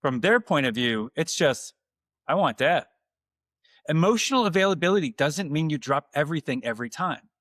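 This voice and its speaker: A man hosting his own podcast, delivering a calm, earnest, scripted monologue to fathers. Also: fairly high pitch, fairly quick, dry recording, studio quality. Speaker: podcast host.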